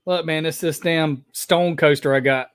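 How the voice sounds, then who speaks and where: A man co-hosts a podcast, throwing in teasing jokes and quick comebacks. His voice sits a little higher than most men's. The sound is close-miked and dry. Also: steady tone, smooth, no echo. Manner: joking, teasing banter. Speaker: podcast co-host. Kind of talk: casual chat.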